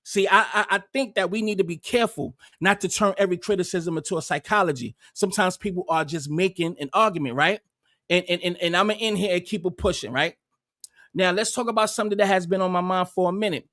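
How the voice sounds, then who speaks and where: A man's voice: high-pitched, fast talker, a bit bright, no echo, studio quality. A man doing casual livestream commentary, heated and profane, rambling with frequent restarts.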